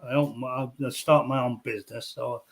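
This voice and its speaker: A man from Liverpool with a softened Scouse accent, chatting casually and rambling with jokes and fillers. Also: medium pitch, steady tone, a little fast, vocal fry, low-quality recording. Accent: Scouse, softened by years in London. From England (Liverpool). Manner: rambling, jokey, frequent fillers and swearing. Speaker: guest on a discussion stream. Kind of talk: casual chat.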